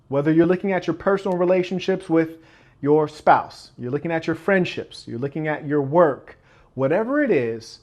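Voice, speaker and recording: Emphatic preacherly man, slightly high voice. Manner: emphatic, preacherly, acts out little scenes. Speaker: channel host and speaker on self-improvement. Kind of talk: motivational talk.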